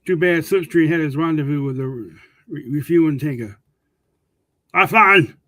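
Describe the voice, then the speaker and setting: A man's voice: on the high side, brisk, darkish tone, no room sound. A man reading comic book dialogue aloud as co-host of a casual read-along, often stumbling and repeating words.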